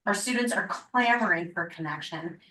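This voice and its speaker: A woman's voice: medium pitch, normal speed, sharp tone. A woman on a school board, earnestly asking a rambling question. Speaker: board member. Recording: echoey room with faint noise.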